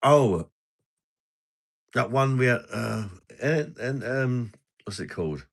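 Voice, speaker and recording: A British man with a mid-range, gravelly voice and lively intonation takes his time hosting a casual live stream. Chatting over drinks, he rambles through jokey banter and laughs often.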